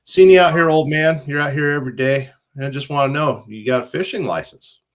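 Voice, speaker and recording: A man doing a gruff, nosy game warden. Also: fairly high pitch, a little fast, voice pushed up, close to an everyday voice. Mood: suspicious. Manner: blunt, questioning.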